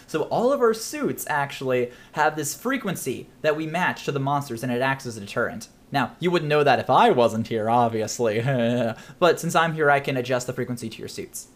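A man's voice: mid-range voice, expressive, moderate pace, few pauses. A man narrating as game master of a tabletop game, chatty and rambling with frequent laughs.

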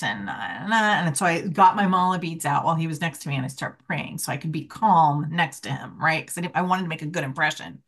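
A middle-aged woman telling lively stories in a casual interview, laughing often and acting out quotes in a higher voice. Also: moderate pace. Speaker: guest, shaman teacher. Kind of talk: casual conversational storytelling.

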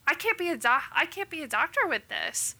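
Woman in her thirties, very bright voice, lively casual chat. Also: high-pitched, brisk. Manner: animated storytelling, acting out quotes. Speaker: physician guest.

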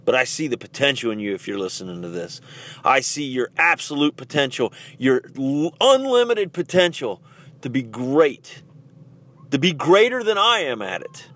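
A middle-aged man hosting a podcast, giving a blunt, forceful motivational talk with swings in pitch and loudness. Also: big pitch swings, moderate pace. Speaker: podcast host.

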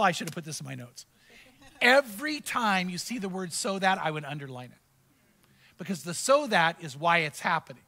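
A man's voice: high voice, bright, forceful tone. A male pastor preaching a sermon, reading verses aloud and teaching through personal stories in a conversational way.

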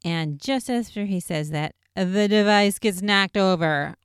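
A woman casually recapping an episode in a chatty, excitable way, full of "like" fillers. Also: medium pitch, a little slow, smooth, no room sound, clean studio sound.

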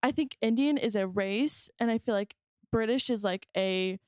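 A woman's voice: fairly high pitch, normal speed, a little mellow, no echo. Podcast co-host, woman, loose rambling chat with lots of fillers, dry close sound. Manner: rambling, hesitant, many fillers and restarts. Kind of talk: casual chat.

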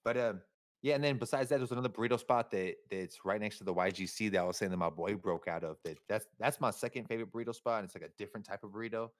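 A man's voice: fairly low pitch, very fast. Slangy young man rambling casually. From San Francisco. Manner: slangy, profane, rambling with laughs. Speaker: podcast guest. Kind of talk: casual chat.

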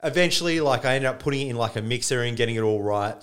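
A man's voice: mid-range voice, racing, fairly bright tone, smooth. A man co-hosting a podcast, telling stories in a casual chat, laughing a lot and saying "mate" constantly. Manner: laughs a lot, tells stories, says mate all the time. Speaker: podcast co-host. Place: studio.

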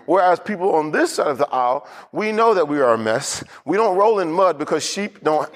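A man's voice: a little high, animated, brisk, few pauses. A male pastor preaching a loose, unscripted sermon, full of restarts, asides and repeated phrases.

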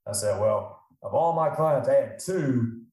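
A middle-aged man talks casually about his work as a financial advisor, animated and quick to act out what his clients say. His voice is dark and mellow. The room around him is very echoey. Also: mid-range voice. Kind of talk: casual podcast talk.

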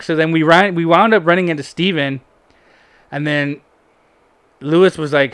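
A young man spins a meandering story from his school days, swearing freely and leaning on fillers. His voice sits a bit high and sounds smooth and resonant. He is recorded close-up in a dry, quiet room. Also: steady tone, a little fast, no echo. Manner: rambling, profane, full of fillers. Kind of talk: casual storytelling chat.

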